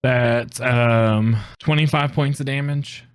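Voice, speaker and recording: A player in a tabletop game, hesitant and full of ums, calling out rolls with dark humor. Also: medium pitch, steady tone, slow, clear, resonant tone, no room sound, studio quality.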